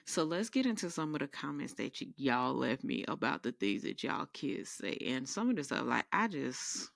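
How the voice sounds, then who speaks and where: A woman's voice: rumbling low, moderate pace, vocal fry, no room sound, studio quality. A woman podcast host telling sassy, rambling comedic stories in a casual monologue. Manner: animated, rambling, sassy storytelling.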